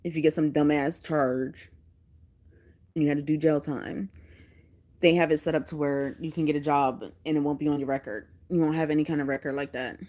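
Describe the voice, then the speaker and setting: A woman's voice: low voice, fairly quick. A woman in her thirties from Pennsylvania, chatting casually with live viewers, laughing often and telling stories animatedly. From Pennsylvania, United States. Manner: laughs often, animated storytelling with playful put-on voices. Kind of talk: casual livestream chat.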